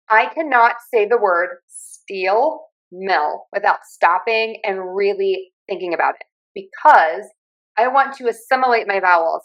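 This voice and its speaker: A speech pathologist and communication coach from Pittsburgh, USA, with a Pittsburgh accent, explains accents like a friendly teacher, laying out each point clearly and pausing to demonstrate vowels. Her voice is at an ordinary middle pitch for a woman and fairly bright in tone. The audio quality is poor.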